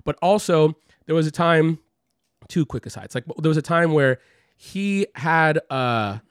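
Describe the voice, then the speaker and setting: A man telling a personal story in casual conversation, rambling and swearing, full of "like" and animated quotes. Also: on the high side, unhurried, smooth, dry recording, studio quality. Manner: rambling, heavy use of "like" and profanity, animated quoting.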